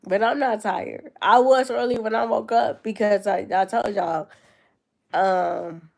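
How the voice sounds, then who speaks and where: Young woman with a creaky, stuffy voice. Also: mid-range voice, a little mellow. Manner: rambling, answering chat comments. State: stuffy-nosed with a cold. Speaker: livestreamer. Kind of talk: casual chat with viewers.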